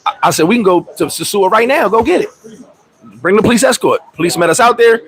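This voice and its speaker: A vlogger with a voice that sits high speaks quickly over poor audio. He lives abroad in the Dominican Republic and, on his livestream, delivers a profane, animated story, swearing often and mimicking the people in it.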